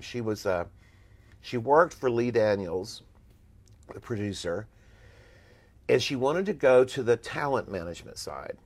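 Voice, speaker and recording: A man, a former talent agent, telling blunt, emphatic stories as an interview guest. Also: on the low side. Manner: emphatic, blunt, animated storyteller.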